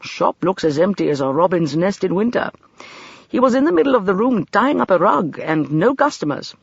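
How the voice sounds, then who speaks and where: A man's voice: high-pitched, very animated, fairly quick, vocal fry, slightly rough, no room sound, lo-fi sound, full character voice. An audiobook narrator voicing a practical adult man who speaks in a dry, matter-of-fact way. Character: practical adult male travel companion. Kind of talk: audiobook character reading.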